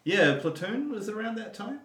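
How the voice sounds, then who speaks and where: A man co-hosting a podcast, chatting casually and digressively about a film, quick to laugh. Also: sits high, big pitch swings, fairly bright tone. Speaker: podcast co-host. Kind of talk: casual film review chat. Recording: roomy, distant mic.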